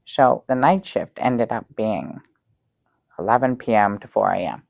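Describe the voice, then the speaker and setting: An actor playing a naive, dim-witted male sidekick who rambles earnestly with many halting ums in an improv comedy sketch. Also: lowish voice, vocal fry, dry recording, lo-fi sound. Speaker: show regular.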